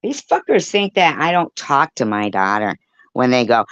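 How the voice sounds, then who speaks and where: Woman, low voice, swinging pitch, heated profane rant, dull lo-fi stream audio, dry sound. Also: very animated, normal speed, smooth, no room sound. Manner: heated, profane, talking back to chat. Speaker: livestreamer. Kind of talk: angry livestream rant.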